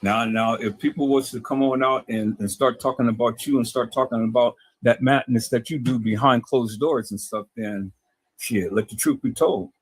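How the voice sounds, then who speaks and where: A man's voice: mid-range voice, fairly even intonation, moderate pace, breathy edge, dry recording. A man talking to his viewers in a casual, preachy way, often stammering and repeating words. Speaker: video host.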